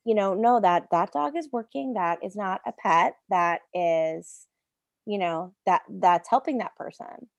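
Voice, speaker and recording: A woman co-host in casual chat, emphatic and quick to chime in with agreement. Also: mid-range voice, gravelly, dry recording, highs cut off.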